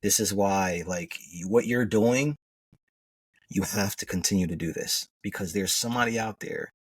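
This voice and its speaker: Middle-aged man, coach guest. Earnest storyteller, husky and low, recorded dry from a bit back from the mic. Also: normal speed, dry recording, distant mic. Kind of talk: conversational podcast interview.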